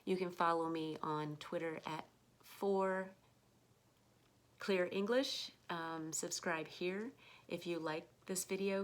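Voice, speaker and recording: An American woman giving an online pronunciation lesson, speaking slowly and patiently, repeating words for learners to copy. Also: deep voice, steady tone. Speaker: English pronunciation teacher.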